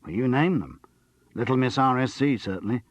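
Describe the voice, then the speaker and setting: A man's voice: mid-range voice, expressive, a little fast, voice pushed up, lightly acted. A man doing a bawdy joking theatre doctor. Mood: gossipy. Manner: teasing, crude.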